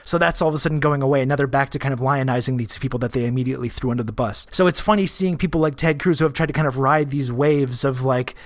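A man's voice: medium pitch, fast, few pauses, no echo, studio quality. A man co-hosting a podcast, talking casually in a wry, rambling way with many restarts. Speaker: podcast co-host.

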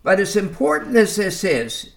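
A man teaching a Bible lesson, reading verses aloud and explaining them deliberately, often calling his listeners folks. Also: sits high, wildly swooping pitch, creaky. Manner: slow, deliberate, reads scripture aloud and explains it.

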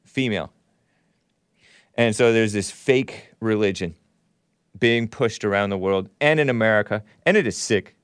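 A man's voice: on the low side, unhurried, pauses often, clear, resonant tone, no room sound, studio quality. A man hosting a solo commentary show, sarcastic and given to chuckling at his own remarks. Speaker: show host.

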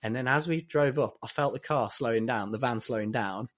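A man's voice: mid-range voice, brisk. A man telling a story in casual chat, animatedly acting out the lines of the people in it.

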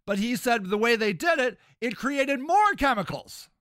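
A man's voice: very high-pitched, expressive, normal speed, noisy background. A man hosting a reaction commentary, blunt and sarcastic, questioning what he hears. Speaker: commentary host.

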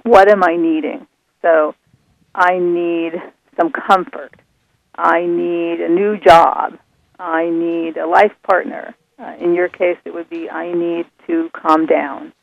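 A woman guest explaining her method in a calm, soothing, patient way. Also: fairly low pitch, slow, gravelly, dry recording. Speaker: author and guest. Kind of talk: explaining on a radio call-in. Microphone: phone. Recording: thin phone line.

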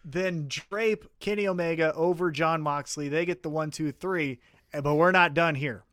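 Profane, animated podcast co-host, a man. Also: a little high, moderate pace, no room sound, clean studio sound. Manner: profane, animated storytelling with acted-out quotes. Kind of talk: casual podcast chat.

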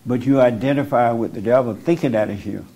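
A man's voice: mid-range voice, fast, mellow. Blunt, insistent man counseling someone. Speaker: spiritual counselor. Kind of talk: preaching counsel to a person in front of him. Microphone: speaking into a microphone.

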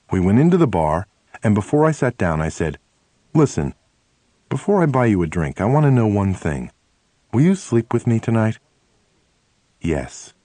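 A male narrator with a lowish voice reads a first-person memoir, his pitch rising and falling a lot in a lively, expressive delivery. The sound is close and dry, with no room around it and no echo.

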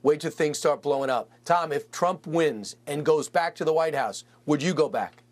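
Brisk male TV news host. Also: a little high. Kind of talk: TV news interview.

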